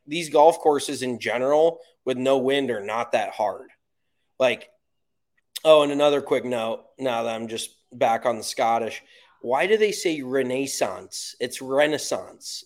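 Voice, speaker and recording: An American man rants bluntly about golf, swearing freely as he goes. His pitch sits in the middle of the usual range. It is loose, unscripted podcast chat. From United States. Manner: blunt, profane ranting. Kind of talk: casual chat.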